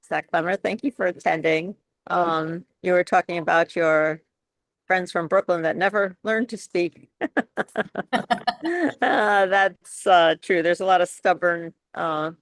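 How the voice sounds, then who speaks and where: Gravelly New York woman coaching voices. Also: lowish voice, no echo. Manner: chatty, laughing often, many restarts. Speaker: speech coach. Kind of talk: webinar Q and A.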